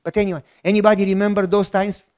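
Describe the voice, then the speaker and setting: A man with a Romanian accent telling a personal testimony as a sermon, acting out the dialogue and bursting into shouts. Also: high-pitched, fast. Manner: animated storytelling with acted-out dialogue and shouted outbursts. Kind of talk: sermon storytelling.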